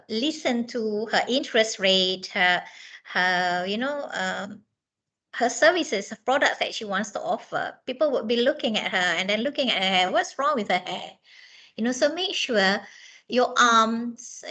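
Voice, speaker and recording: A woman's voice: on the high side, sharp tone, low-quality recording. A woman trainer giving a chatty training lecture, with many fillers and restarts, laughing often.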